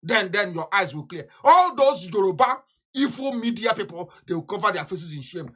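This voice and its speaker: Man, political broadcast, fiery, scornful, repetitive, bright and forceful tone. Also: high voice, very animated, normal speed, breathy edge. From Nigeria. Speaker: activist leader.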